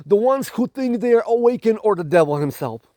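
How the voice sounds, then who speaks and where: A man's voice: high-pitched, animated, fairly quick, warm tone, no room sound. A man with a non-native accent, giving a dramatic, preachy spiritual monologue to camera, with emphatic repetition and restarts. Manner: dramatic, preachy, repeats "my galactic family". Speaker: spiritual channel host.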